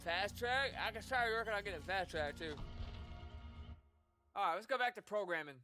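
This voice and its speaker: A man's voice: sits high, animated, moderate pace, pushed and bright, faint music behind. A young man streaming a game, chatting loosely, swearing and laughing often. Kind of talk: casual gameplay commentary.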